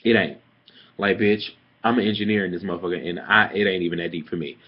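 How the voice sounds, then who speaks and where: A man's voice: low voice, fairly even intonation, fast talker, husky. A young man telling a story about a petty coworker in a sassy, profane, dramatic rant, like a casual vlog. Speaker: vlogger. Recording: dull lo-fi webcam audio.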